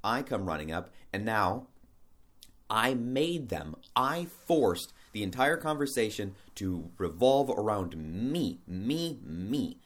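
A man with a fairly low voice talking in a casual, unscripted monologue. He wanders through his point, often restarting sentences and stacking up rhetorical questions as he thinks aloud. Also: expressive, slow.

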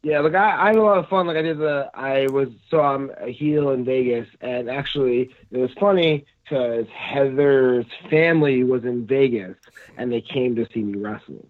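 A man, a pro wrestler, chatting casually on a podcast in a rambling, halting way full of fillers. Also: mid-range voice. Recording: dry, phone-like lo-fi sound.

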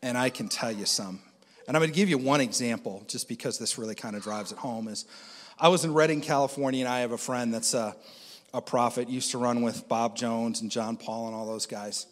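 A man's voice: medium pitch, fairly quick, in a large hall. A man who interprets dreams, telling a story in conversation, acting out the voices he quotes and laughing often.

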